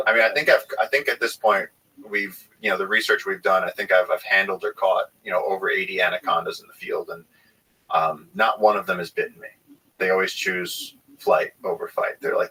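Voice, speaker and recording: Low, bright, husky-voiced man telling stories. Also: brisk, recorded from a distance, rough recording. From United States. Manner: animated, filler-heavy storytelling with many restarts. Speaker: guest, wildlife researcher. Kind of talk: casual storytelling conversation.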